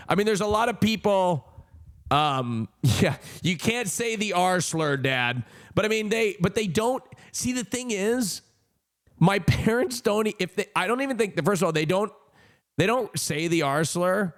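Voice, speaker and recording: A young man streaming, telling a rambling casual story with sudden high joking outbursts.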